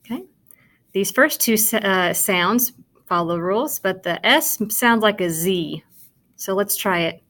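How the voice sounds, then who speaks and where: A woman's voice: mid-range voice, measured pace, fairly bright tone. A woman teaching kindergarten sight words, sounding out and spelling each word for young children and praising them as she goes. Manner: encouraging, talks directly to the child watching. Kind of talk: slow, patient phonics lesson for young children.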